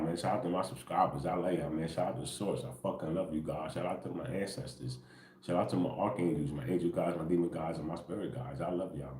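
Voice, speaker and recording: A man hosting an early-morning spiritual livestream, talking casually and quietly in a rambling way, dropping "bro" and "right?" constantly and chuckling often. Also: low voice, reverberant, slight background noise. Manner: laid-back, rambling, peppered with "bro" and "right?".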